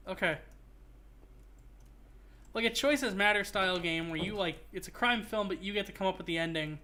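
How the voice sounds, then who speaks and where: A male streamer chatting casually while playing, his voice bright and clear. He rambles in a joking way, often restarting his phrases mid-sentence. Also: high-pitched, normal speed, long pauses. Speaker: streamer host. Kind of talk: casual gaming stream chat.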